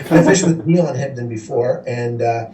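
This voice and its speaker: A man from Canada, a guest telling fishing stories in a casual, animated way and laughing as he goes. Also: mid-range voice, takes it slowly. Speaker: guest angler. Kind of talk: casual storytelling. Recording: echoey room, voice from a distance, faint hiss.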